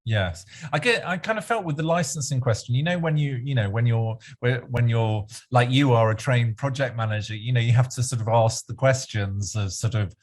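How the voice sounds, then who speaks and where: A man's voice: medium pitch, normal speed, few pauses. A man discussing policy on a video call, rambling with frequent restarts and asides. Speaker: participant in discussion.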